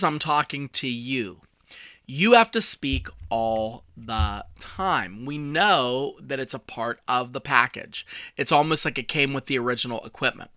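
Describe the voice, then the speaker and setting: A man's voice: mid-range voice, sharp tone, dry recording. A man in his forties who hosts a podcast as a communication coach, telling stories in a chatty way with self-deprecating asides. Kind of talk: casual solo podcast talk.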